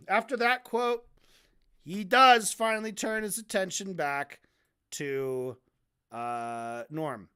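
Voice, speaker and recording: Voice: medium pitch, slow pace, pauses often, pushed and bright, clean tone. Profane, heated debate streamer. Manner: stumbles and repeats words. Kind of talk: casual ranting commentary.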